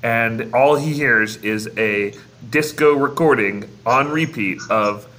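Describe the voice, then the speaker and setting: A man's voice: mid-range voice, slow pace, pushed and bright. A man co-hosting a podcast in casual chat, laughing often and swearing freely. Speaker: podcast co-host.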